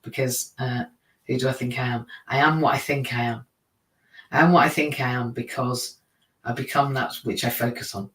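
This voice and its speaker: A man's voice: medium pitch, steady tone, moderate pace, a bit bright. A man hosting a live stream in a casual, rambling, self-deprecating monologue, laughing often at his own slips. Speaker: teacher. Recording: roomy, from a distance.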